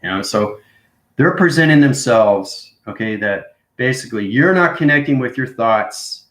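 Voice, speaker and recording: A man's voice: medium pitch, lively intonation, moderate pace, fairly bright tone, roomy sound, poor audio. A man hosting a casual spiritual monologue, rambling and checking in with "right?" and "you know what I mean" after nearly every point. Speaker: spiritual video host.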